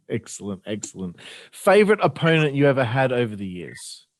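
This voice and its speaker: A man's voice: medium pitch, sing-song, moderate pace, dry recording. Man, podcast host, laughs a lot, says bro, dry close sound. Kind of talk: casual interview.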